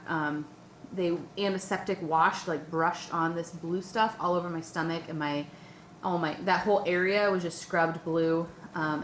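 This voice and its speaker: Young woman, casual storytelling vlog, chatty and excited, echoey room. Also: lowish voice. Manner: excited and breathless, lots of "like" and "um", acts out her own panicked questions. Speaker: vlogger. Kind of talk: personal storytelling. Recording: echoey room with faint ambient noise.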